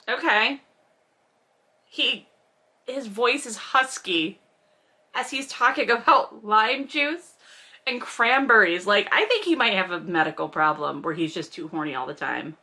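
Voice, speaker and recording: A woman's voice: medium pitch, a little slow, pushed and bright. A woman reading aloud from a novel and breaking off into sarcastic, wry commentary on it. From from a Russian family. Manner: sarcastic, wry asides between read passages. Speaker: podcast host reading and critiquing a novel.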